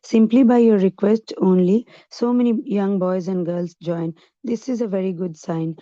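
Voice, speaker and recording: A woman volunteer reading a letter aloud to a study group, steady and careful. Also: medium pitch, normal speed, dry recording. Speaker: volunteer reader. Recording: dull lo-fi dry recording.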